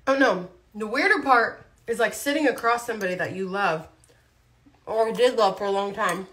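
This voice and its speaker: A woman's voice: medium pitch, moderate pace, a bit bright. A woman talking casually on a livestream, blunt and chatty, chewing food as she speaks. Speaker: vlogger.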